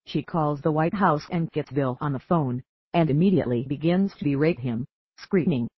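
A synthetic-sounding narrator works through a joke story in a flat, literal way, even reading the punctuation marks aloud. The voice is slightly husky and sits at a middle pitch. The recording is dry and dull, like low-fidelity audio. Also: normal speed, dry recording.

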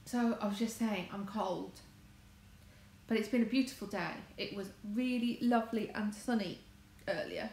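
A woman's voice: medium pitch, normal speed, a little mellow. An English woman from England rambling in casual livestream chat, wandering and correcting herself as she talks from her home. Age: adult, married. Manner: chatty, wandering, self-correcting. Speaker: crafts vlogger. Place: home conservatory. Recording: echoey room, faint background noise.

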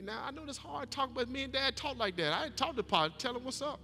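A man's voice: very high-pitched, very animated, fast, few pauses, sharp tone. A middle-aged man preaching a sermon as pastor, folksy and emphatic, often repeating his words. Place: church sanctuary. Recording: long church reverb with faint music.

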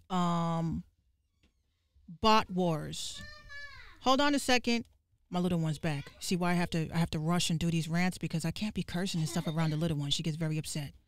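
A woman podcast host ranting on a livestream, profane and fiery, with quick asides to her viewers. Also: fairly low pitch, dry recording, studio quality. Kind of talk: livestream rant.

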